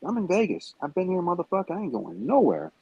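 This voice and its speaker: A man's voice: sits high, wildly swooping pitch, quick pace, breathy edge, no echo, highs cut off. A man in a heated livestream rant, taunting and cursing at a rival, calling in remotely. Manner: profane, confrontational, taunting. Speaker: stream guest. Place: Las Vegas.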